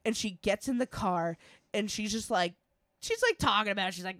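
A woman's voice: medium pitch, expressive, fairly quick, a bit bright, no room sound, studio quality. A young woman co-hosting a podcast in casual chat, swearing freely and laughing often as she tells stories. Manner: swears a lot, laughs often, imitates her mother. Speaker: podcast co-host.

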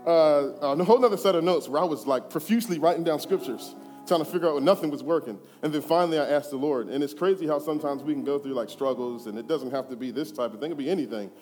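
A young man preaching a sermon in a church, candid and conversational, building to fervent passages. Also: medium pitch. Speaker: guest preacher. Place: church sanctuary. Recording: hall reverb, faint music.

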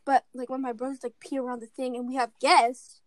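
A woman in casual podcast chat, quick and teasing. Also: sits high, level tone, dry recording, clean studio sound. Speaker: podcast co-host.

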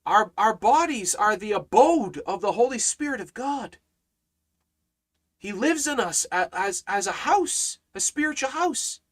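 A man with a high voice preaches through a Bible study. He hammers phrases by repeating them, swelling loud and dropping low. His delivery is earnest and emphatic. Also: animated, unhurried. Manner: emphatic, repeats phrases with rising and falling force. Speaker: Bible teacher.

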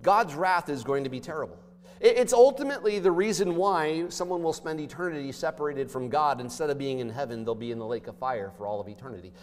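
A male pastor with a fairly high voice delivers an emphatic sermon, swinging from forceful stresses to quiet asides. His voice rings through a church hall with a long reverb tail. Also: animated, quick pace, a little hiss or hum. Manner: emphatic preaching, swinging between loud and hushed.

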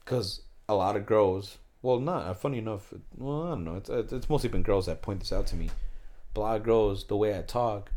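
A young man from the United States talks in a low register, rambling and emphatic with plenty of swearing. It is loose, casual chat between friends. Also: fairly quick, warm tone. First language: bilingual with Spanish.

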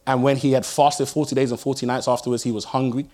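A man's voice: mid-range voice, fairly even intonation, quick pace, darkish tone. A man, preaching a sermon, telling stories and driving points home with emphatic repeated phrases. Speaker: pastor.

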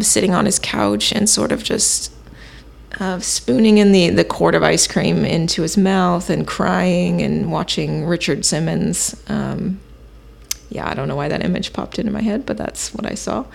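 A woman hosting a self-help podcast, teaching in a calm, measured way and thinking aloud with occasional fillers. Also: on the low side, vocal fry. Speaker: podcast host.

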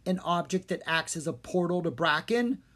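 A reader doing a cackling dark wizard from a storybook, pitched a touch above the reader's usual voice. He speaks slowly and with glee, every line a command. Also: expressive. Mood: gloating. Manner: slow, gleeful, commanding.

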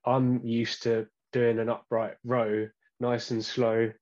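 A man being interviewed about his training, talking casually and hesitantly with many pauses and restarts. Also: mid-range voice, flat delivery, a little mellow, highs cut off. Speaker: guest.

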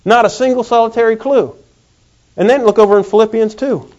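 A man preaching a sermon in a folksy, animated way. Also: very high voice. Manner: folksy, animated, acts out quick comic voices. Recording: dull lo-fi recording.

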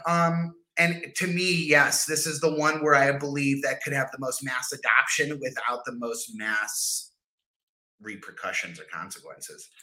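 A man's voice: mid-range voice, unhurried, sharp tone, low-quality recording. A man co-hosting a podcast, talking in a rambling way with many restarts and easy laughs. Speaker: podcast co-host. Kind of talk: casual podcast chat.

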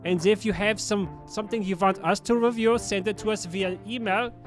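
Guy doing a goofy fake german accent for the outro, high voice, faint music behind. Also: animated, measured pace, creaky, exaggerated voice. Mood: mock-German. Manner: playful mock-announcer outro. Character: man with a put-on German accent.

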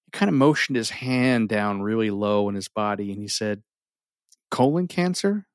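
A middle-aged man telling a personal story with earnest feeling, often sinking his voice low and holding back tears. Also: normal speed, smooth, dry recording, studio quality. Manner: earnest, emotional, often drops to near a whisper. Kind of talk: personal story told to an audience.

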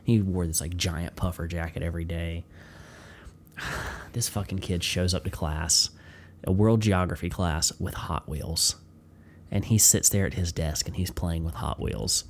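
A young man co-hosting a podcast, telling crude, animated stories in casual chat. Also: low-pitched, a little slow, vocal fry, a little hiss or hum. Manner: profane, animated storytelling with mimicked voices. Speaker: podcast co-host.

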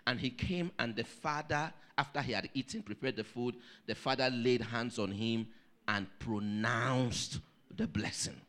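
Speaking at a measured pace with a medium pitch, a male pastor brings lively energy to a story in his sermon, directing questions at the congregation.

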